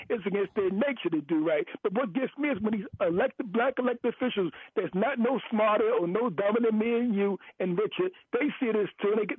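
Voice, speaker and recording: A man calls in over a thin, tinny phone line, his voice pitched high and a little husky. He rants with heat, stumbling and repeating himself, and he keeps driving his point home like a preacher. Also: no room sound. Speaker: caller. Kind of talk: call-in radio rant. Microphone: telephone.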